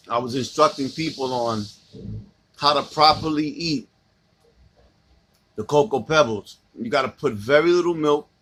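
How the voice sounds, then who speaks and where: Husky slangy man doing a cereal mukbang. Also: sharp tone. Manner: playful slangy banter, low seductive asides to the food. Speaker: vlogger eating cereal on camera. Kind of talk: casual mukbang vlog.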